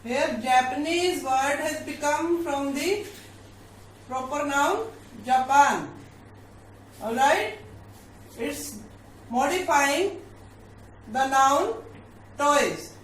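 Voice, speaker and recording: A woman explains grammar in a high voice, slowly and deliberately, repeating points and checking in with her students. She sounds far from the mic in a strongly echoing room. Faint ambient noise sits behind her. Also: lively intonation. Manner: slow, deliberate, repeats key points, asks "all right?". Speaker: English grammar teacher. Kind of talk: grammar lesson.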